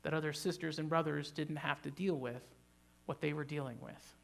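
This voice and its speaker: A man preaching a sermon in a church, his voice pitched high with a rough, gravelly edge. He talks emphatically, rising into loud animated bursts and tossing jokes to the congregation. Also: moderate pace. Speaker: pastor.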